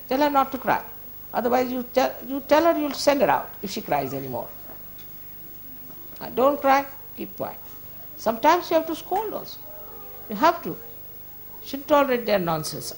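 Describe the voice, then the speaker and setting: Chiding spiritual teacher, a higher female voice. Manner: conversational, firm and chiding, often laughing. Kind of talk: informal spiritual talk to an audience.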